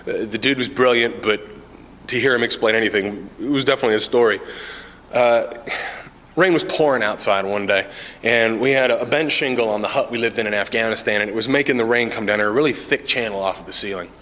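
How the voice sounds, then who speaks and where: A man telling stand-up comedy stories in a casual, deadpan way, with many "uh" fillers, recorded in an indoor common area. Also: medium pitch, fast talker. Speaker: amateur stand-up comic, Army sergeant. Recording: reverberant indoor room.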